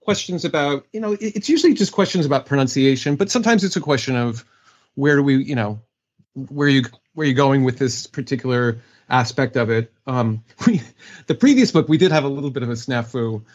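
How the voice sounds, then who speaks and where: A man's voice: medium pitch, a little fast, highs cut off. A man who narrates audiobooks, answering interview questions in a chatty, easygoing way with frequent laughs. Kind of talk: casual interview talk.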